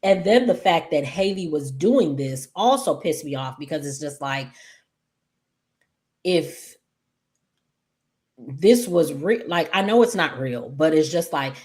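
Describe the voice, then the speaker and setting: Sassy low-voiced woman recapping soaps. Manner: chatty, animated, sassy asides to viewers. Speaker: soap opera recap host. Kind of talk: casual episode recap.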